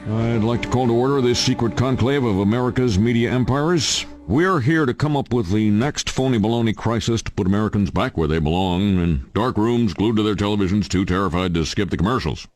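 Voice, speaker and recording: A man's voice: fairly low pitch, a little fast, hardly any pauses, a little mellow, natural voice. An actor playing a scheming male media executive in a cartoon, calling a secret meeting to order with a pompous, conspiratorial address. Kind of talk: cartoon voice acting.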